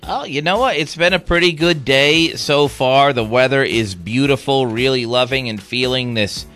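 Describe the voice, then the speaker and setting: A man reading the news and chatting on air as a radio news anchor, with a steady newsreader delivery. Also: medium pitch, moderate pace, soft background music. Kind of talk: radio newscast and on-air chat. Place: radio studio. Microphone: studio microphone.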